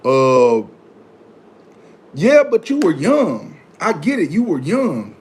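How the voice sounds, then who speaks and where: Animated man giving casual life advice. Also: slow pace. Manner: animated, acts out his own past reactions in high yelps. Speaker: vlogger reading viewer comments. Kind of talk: casual motivational talk.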